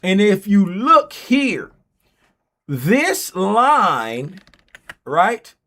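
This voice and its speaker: A man hosting a casual trading livestream, talking through charts in a playful, drawn-out way. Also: sits high, sing-song, sharp tone. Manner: playful, drawn-out, sing-song delivery.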